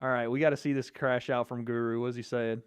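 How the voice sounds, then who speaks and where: An American man hosting a live fight watch party, reacting with loud, excitable exclamations. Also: medium pitch, quick pace, smooth, no room sound, clean studio sound. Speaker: livestream host.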